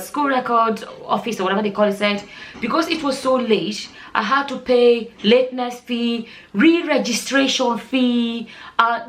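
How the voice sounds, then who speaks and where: A woman's voice: fairly high pitch, fairly bright tone. A middle-aged woman from Nigeria telling a personal story in an emotional, rambling way, with many restarts and fillers. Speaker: vlogger. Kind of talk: storytelling vlog.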